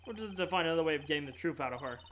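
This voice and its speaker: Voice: mid-range voice, lively intonation, a bit bright, a little hiss or hum, natural voice. A streamer doing a poised, formal male prosecutor. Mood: stern, probing. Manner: measured, formal, pointed questioning. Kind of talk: reading a video game's dialogue aloud on stream.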